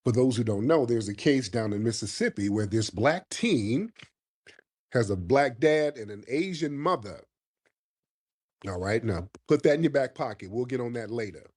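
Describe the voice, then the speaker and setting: A man hosting a casual live stream while hoarse from a cold, talking in slang and calling out to his viewers. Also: mid-range voice, expressive, moderate pace, darkish tone. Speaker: livestream host. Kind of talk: casual livestream commentary.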